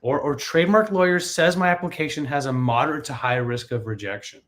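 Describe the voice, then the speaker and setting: A man's voice: a little high, a little fast, a bit bright. A man hosting a live legal Q&A show, who reads viewer questions aloud and answers them with jokes. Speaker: patent attorney host.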